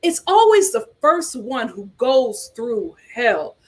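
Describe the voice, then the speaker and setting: Woman, fairly high voice, outspoken, animated, reading and reacting. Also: slow pace, few pauses. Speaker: host. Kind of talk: casual commentary, reading articles and comments aloud.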